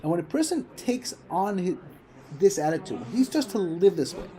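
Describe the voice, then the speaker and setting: A man's voice: sits high, very animated, moderate pace, dark tone. A man giving an informal Torah class, telling stories and repeating phrases for emphasis. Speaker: Torah teacher.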